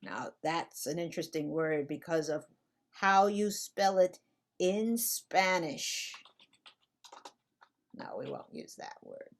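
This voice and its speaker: In a slow, careful classroom explanation, a woman whose first language is English repeats a rule at the whiteboard with patience and tosses out playful questions. Her voice is medium-pitched and a little mellow.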